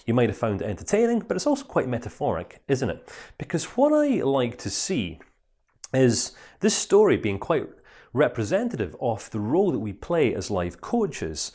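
Male, life coach, storytelling lesson, lively pitch, conversational. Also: normal speed.

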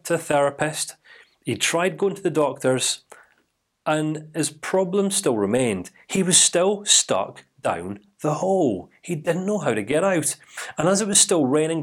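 Animated male life coach telling a story. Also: fairly high pitch. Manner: animated, dramatic storytelling with many restarts. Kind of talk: storytelling to camera.

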